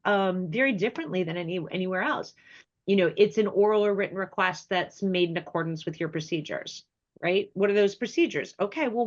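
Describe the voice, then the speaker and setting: Appearing as a guest expert on a webinar, a woman presents in a chatty, emphatic way while sounding congested and ill. Her voice is medium-pitched, and the recording has its highs cut off.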